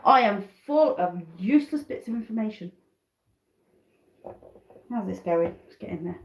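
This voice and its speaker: A woman's voice: medium pitch, lively intonation, normal speed, reverberant, poor audio. A British woman chatting casually on a live stream from her home kitchen, rambling between tasks and asides. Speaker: backyard chicken keeper hosting a live stream.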